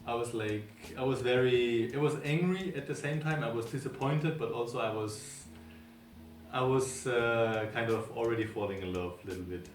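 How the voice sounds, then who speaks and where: A young man from Germany tells his side of a story in a calm, halting way, with plenty of ums and restarts. His voice sits at a middling pitch and is picked up from a distance. The room gives an echo, with soft music underneath. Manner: halting, many fillers, plain and calm delivery. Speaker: vlogger telling how the couple met. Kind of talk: casual storytelling.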